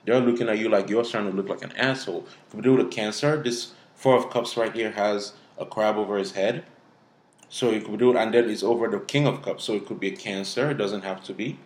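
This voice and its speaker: A man's voice: lowish voice, steady tone, a little fast. Blunt, profane man giving a tarot reading. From Africa. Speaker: tarot reader. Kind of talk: casual tarot reading to camera. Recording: echoey room.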